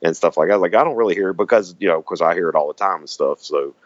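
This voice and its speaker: A man's voice: deep voice, fast, no echo, muffled recording. A man with a Southern American accent, chatting casually as a guest, rambling with lots of fillers and restarts. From Southern United States. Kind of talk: casual chat.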